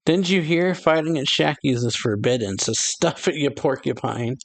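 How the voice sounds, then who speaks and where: A man's voice: medium pitch, expressive, normal speed, vocal fry, no room sound. A man reading out the lines of a brash, laid-back male pirate captain in a cocky, teasing way.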